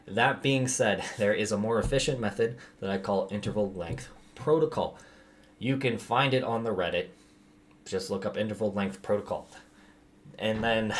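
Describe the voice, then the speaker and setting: A man hosting a casual Q&A, answering viewer questions in a loose, conversational way, his voice raspy and a little out of breath. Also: fairly low pitch. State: raspy, out of breath after gym. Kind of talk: casual Q&A monologue.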